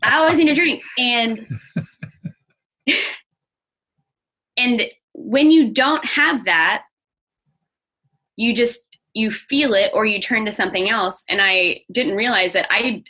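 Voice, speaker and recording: Bright earnest young woman, candid interview guest, slightly muffled lo-fi sound. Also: mid-range voice, slow pace, long pauses, slightly rough. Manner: earnest, open, restarts often. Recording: dull lo-fi audio.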